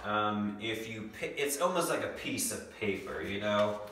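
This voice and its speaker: A young male teacher gives a remote lesson to second graders, stretching out each word as he sounds it out. His voice sits a little low and moves slowly and patiently. He is picked up from a distance in a very echoey room with a faint hum behind him. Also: expressive, fairly bright tone. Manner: patient, slow, stretches out words to sound them. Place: home room. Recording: echoey room, mic far off.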